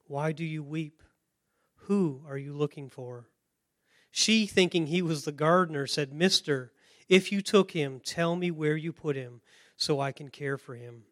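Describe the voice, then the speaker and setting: A man reading a Bible passage aloud with measured expression. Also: a little high, a bit bright, no echo, studio quality. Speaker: scripture reader. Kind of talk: scripture reading.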